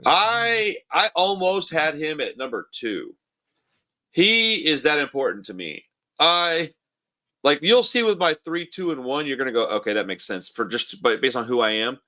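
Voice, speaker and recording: Male podcast co-host, casual and enthusiastic, bright forceful tone, slightly higher pitch. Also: very animated, normal speed. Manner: enthusiastic, says dude and bro a lot. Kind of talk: casual chat. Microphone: remote call mic.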